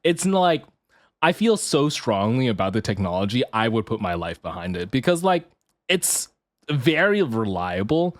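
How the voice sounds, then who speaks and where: A man's voice: mid-range voice, very animated, normal speed, no room sound. A man streaming casually as a VTuber. He swears, laughs often and rants half-jokingly. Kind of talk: casual live-stream chat.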